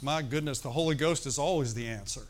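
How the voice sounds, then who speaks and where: A man preaching a sermon in a conversational way, often asking his congregation "right?" and "amen?", slowing down to stress scripture. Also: mid-range voice. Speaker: pastor.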